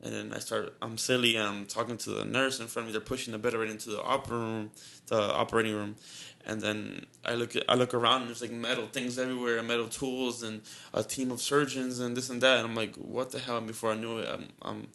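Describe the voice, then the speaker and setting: A man's voice: mid-range voice, little pitch movement, quick pace, creaky, few pauses, pushed and bright. A young man on a podcast telling a story in casual chat, rambling and repeating himself with a lot of "like", sounding shaky and nervous. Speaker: podcast co-host.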